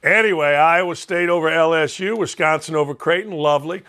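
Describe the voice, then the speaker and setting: A man with a Chicago accent from Northwest Indiana, his voice pitched high for a man. He talks bluntly and rambles with fired-up energy, mocking himself as he goes, like a sports talk host on a solo run. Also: a little fast, pushed and bright.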